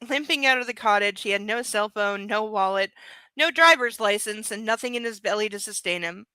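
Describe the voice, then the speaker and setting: Bright, crisp woman reading a novel aloud. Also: medium pitch, fairly quick, no echo, rough recording. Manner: casual, chatty asides between passages. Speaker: book club reader.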